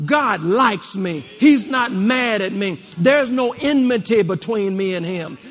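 A man's voice: high voice, animated, slow, a bit bright, soft background music. A man preaching a rousing sermon to a congregation, repeating phrases and calling for responses. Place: church. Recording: long reverb of a church hall.

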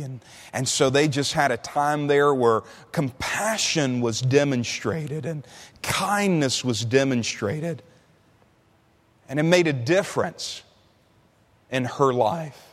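A man preaching a sermon in a conversational way, slowing down and stretching the key words for emphasis. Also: mid-range voice. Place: large church hall. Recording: long hall reverb.

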